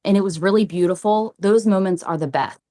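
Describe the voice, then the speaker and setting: In a podcast interview, a woman who works as a psychic medium tells stories with animation, repeating phrases as she acts out what people said. Her voice sits at a medium pitch and she talks briskly.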